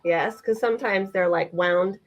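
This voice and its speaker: A woman's voice: medium pitch, a little slow. A woman co-hosting a live vintage sale, chatting enthusiastically as she describes items. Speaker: vintage seller co-host.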